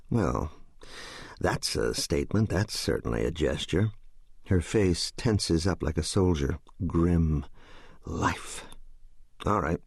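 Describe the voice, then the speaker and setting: Husky male audiobook narrator. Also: low voice, very animated, dry recording, clean studio sound. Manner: measured, descriptive storytelling.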